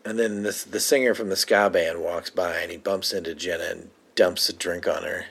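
Guy co-hosting a chill podcast, kinda husky, laughs through his retelling. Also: sits low, fairly even intonation, moderate pace, a bit bright. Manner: laughs often, retells scenes with quoted lines. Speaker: podcast co-host. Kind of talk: casual chat recapping a TV episode.

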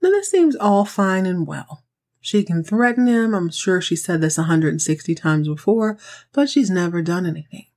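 A woman's voice: on the low side, lively intonation, normal speed, a little mellow. A woman hosting a podcast, recapping a TV episode in sassy, slangy, conversational chat. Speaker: podcast host recapping a TV show.

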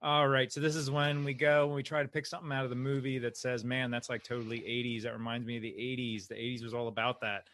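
A man's voice: medium pitch, level tone, quick pace, few pauses, fairly bright tone. A man hosting a podcast who chats casually about a film, upbeat and laughing often. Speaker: podcast host.

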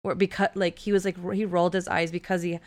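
A woman's voice: lowish voice, quick pace. A woman co-hosting a podcast, telling a story in casual chat and leaning heavily on "like" as she goes. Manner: animated storyteller, filler-heavy "like". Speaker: podcast co-host.

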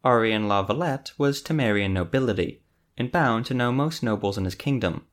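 A man reading a fantasy novel aloud as the narrator, in a measured storytelling manner. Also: fairly low pitch, animated. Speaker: audiobook narrator.

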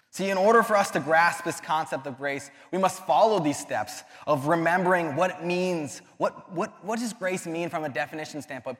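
A man's voice: a little high, fairly bright tone. Earnest young man preaching in a hall. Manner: earnest and conversational, with many likes and restarts. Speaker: youth ministry speaker. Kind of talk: casual sermon. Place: church hall. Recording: long hall reverb.

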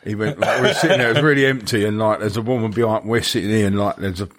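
A man's voice: fairly low pitch, fast talker, a bit bright. A comedian co-hosting a podcast, bantering casually, swearing freely and laughing at his own stories.

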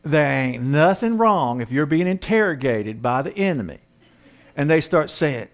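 A man's voice: on the high side, sing-song, moderate pace. An older man who works as a counselor, telling humorous, self-mocking stories and acting out the voices of the people in them. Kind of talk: humorous storytelling talk.

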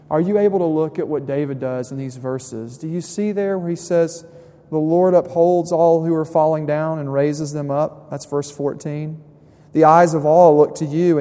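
A young man preaches a conversational sermon, and his slightly high voice rings out through a church sanctuary. He swings between soft, quiet asides and rising emphasis, and a long reverb trails behind his words. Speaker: pastor.

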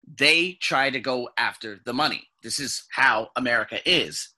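A man casually telling a personal story on his vlog, animated and swearing freely, sometimes mimicking sounds. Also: medium pitch, unhurried. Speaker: vlogger.

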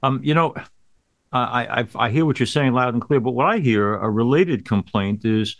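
A priest hosting an interview show, speaking in a measured way with hesitant fillers. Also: male voice, mid-range voice, no room sound.

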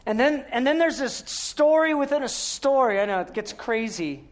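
A man giving a sermon, telling the story with rhetorical questions and earnest emphasis, sometimes dropping to a hushed voice. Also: extremely high pitch, animated, moderate pace. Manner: storytelling, asks rhetorical questions and answers them. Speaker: guest speaker.

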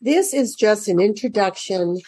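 A woman educator talks parents through children's reading workbooks, chatty and thinking out loud. Her voice is lively and melodic but unhurried. It sounds dry and close, with no room echo. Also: medium pitch, breathy edge. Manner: chatty, thinks aloud, sing-song when reading to children. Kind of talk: casual instructional walkthrough. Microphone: computer mic during an online screen share.

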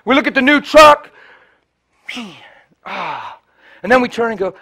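A male preacher telling a story in a sermon, swinging between loud preaching and hushed, near-whispered storytelling, and acting out the people he quotes. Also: extremely high pitch, lively intonation, moderate pace. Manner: acts out the people in his stories in quoted voices.

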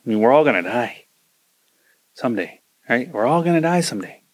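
A man's voice: mid-range voice, big pitch swings, brisk. A man hosting a podcast, ranting casually and acting out quoted voices as he gives advice. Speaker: podcast host.

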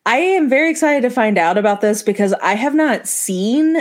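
A woman co-hosting a podcast in casual chat, animated and quick with asides, saying "like" a lot. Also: fairly high pitch. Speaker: podcast co-host.

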